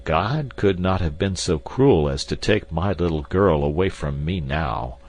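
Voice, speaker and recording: A man voicing an elderly professor who speaks slowly and heavily in an audiobook. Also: low-pitched, animated, darkish tone. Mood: grieving. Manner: slow, heavy, measured. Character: elderly grieving professor, man, scholarly and resolute.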